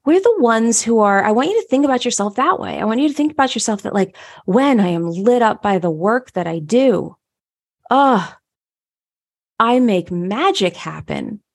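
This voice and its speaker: A woman's voice: a little high, expressive, moderate pace, a little mellow. A woman giving a motivational teaching talk, upbeat and emphatic, repeating phrases for stress. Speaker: human design teacher.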